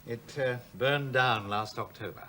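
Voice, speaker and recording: An actor playing a coolly ironic male university official who questions people in a measured, dry, insinuating manner. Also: mid-range voice, pushed and bright. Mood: probing. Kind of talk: 1980s television drama.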